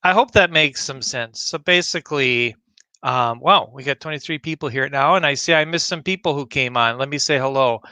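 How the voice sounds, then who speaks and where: A man hosting a community news livestream, rambling casually as he clicks through a website and greets viewers by name, a bit choked up and clearing his throat. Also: mid-range voice, moderate pace, pushed and bright, no room sound. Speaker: livestream host.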